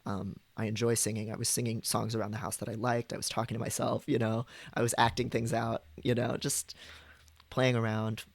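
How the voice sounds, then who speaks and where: A man's voice: medium pitch, level tone, a little fast, creaky, no room sound. A man on a live stream, chatting casually and explaining voice technique, trying out different vocal registers.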